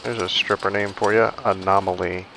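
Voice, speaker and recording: A gaming streamer with a lowish, fairly even voice chats at a moderate pace while playing a survival video game, drifting into storytelling asides. Background noise can be heard.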